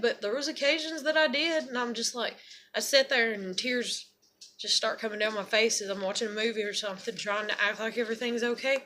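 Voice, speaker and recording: A woman's voice: fairly high pitch, fairly even intonation, brisk, pushed and bright. A woman talking to her viewers in a rambling, profane, emotional confessional vlog. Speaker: mother vlogging to her viewers.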